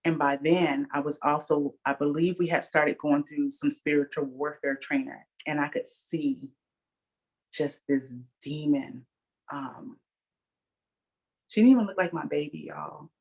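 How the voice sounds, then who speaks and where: A middle-aged woman gives an earnest personal testimony, speaking straight to her listeners and calling them y'all. Her voice is husky and gravelly, with a rough edge of vocal fry. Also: low-pitched, steady tone, measured pace, darkish tone. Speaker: guest speaker sharing testimony.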